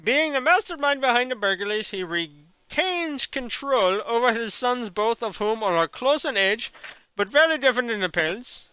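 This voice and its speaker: A man's voice: lively intonation, moderate pace, bright, forceful tone, smooth, dry recording, heavily acted. A man putting on a pompous mock-Indian newsreader. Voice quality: exaggerated, sing-song pitch. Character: man reading a newspaper notice aloud, pompous.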